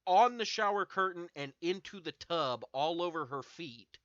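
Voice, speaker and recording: A man's voice: fairly high pitch, expressive, moderate pace, a bit bright, no room sound, dull audio. Profane young man rambling through a story. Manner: profane, rambling anecdote with many fillers. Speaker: streamer host. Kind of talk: casual storytelling to chat.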